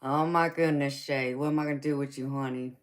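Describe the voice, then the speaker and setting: A woman's voice: extremely low pitch, steady tone, brisk. A woman hosting a casual live stream as a tarot reader, chatting and teasing viewers, calling them honey and baby and laughing often.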